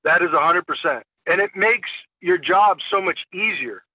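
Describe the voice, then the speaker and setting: A man with a high voice gives a sales training talk over a tinny, phone-like call line with dry, close sound. He tells stories and acts out dialogue with clients, repeating words as he restarts. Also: animated, moderate pace, husky, no room sound. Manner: storytelling, acting out client dialogue. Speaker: insurance sales agent.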